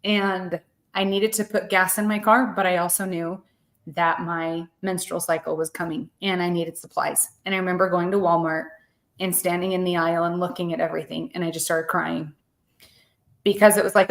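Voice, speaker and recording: A woman in her thirties with a lowish voice, fairly even intonation and normal speed appears as a podcast guest. She tells a personal story earnestly and emotionally, close to tears, her heartfelt delivery full of repeated words.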